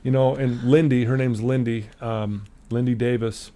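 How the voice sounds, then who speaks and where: A middle-aged man from Utah, USA, speaks at medium pitch and a moderate pace. He's a podcast guest in a casual interview, telling a personal story with animation and acting out the voices of the people he quotes.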